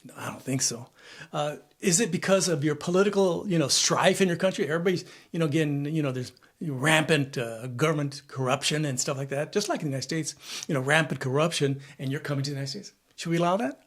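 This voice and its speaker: A man's voice: fairly high pitch, fast, a bit bright. A man in his seventies giving a rambling, repetitive opinion monologue, listing things and asking himself questions. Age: 70s. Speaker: vlogger. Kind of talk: casual spoken opinion monologue.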